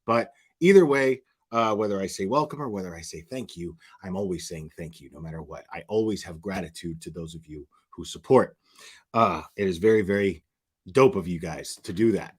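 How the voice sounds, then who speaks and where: A man's voice: low-pitched, brisk, a little mellow, slightly rough. Profane, rambling male streamer. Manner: crude and profane, rambling with repeated restarts. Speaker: channel host. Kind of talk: casual livestream commentary.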